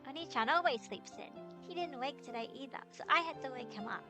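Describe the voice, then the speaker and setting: A woman's voice: high voice, animated, a little fast, over music, voice pushed up. A woman doing a bubbly little girl. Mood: playful. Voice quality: baby-girl voice. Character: cheerful little girl, playful and excitable. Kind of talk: reading a visual novel aloud.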